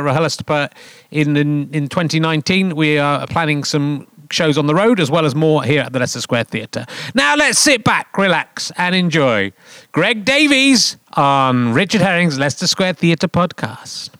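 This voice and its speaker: A man's voice: a little high, lively intonation, normal speed, fairly bright tone, clean tone. A man in his fifties hosting a comic podcast live on a theatre stage, rambling and mocking himself with jokey asides. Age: 50s. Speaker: podcast host.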